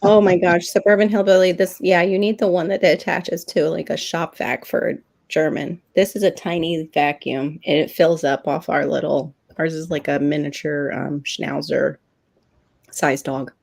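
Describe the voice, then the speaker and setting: A woman's voice: low voice, steady tone, unhurried, gravelly, darkish tone. A middle-aged woman co-hosting a livestream, chatting casually with rambling asides and frequent laughs. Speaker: livestream co-host. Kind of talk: casual chat.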